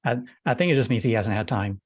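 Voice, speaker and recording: A man leading a technical meeting over a video call, talking casually in a self-described monotone. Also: on the low side, fast, no room sound. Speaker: meeting lead.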